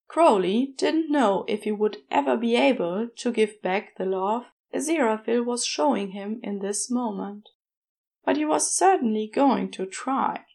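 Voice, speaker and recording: Woman, podfic narrator, gentle, measured, slightly high voice, slow pace. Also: animated, gravelly. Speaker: podfic reader. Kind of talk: story narration.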